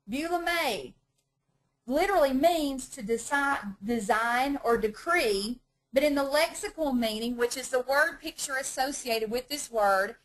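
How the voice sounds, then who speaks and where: A woman's voice: fairly high pitch, low-quality recording. Chatty woman teaching Bible study. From North Georgia, USA. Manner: chatty, self-deprecating, laughs often.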